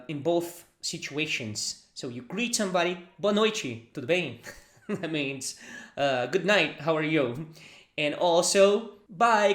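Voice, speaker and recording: A Brazilian man with a Brazilian accent teaches Portuguese phrases in English, patiently drilling them for the listener to repeat. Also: on the high side. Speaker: language teacher. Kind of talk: language lesson. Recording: roomy echo.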